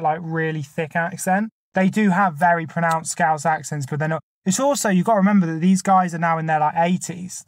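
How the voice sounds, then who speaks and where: In a casual chat, a man co-hosting a podcast builds an argument step by step, listing numbered points in an argumentative way. His pitch is fairly high, and there's no echo.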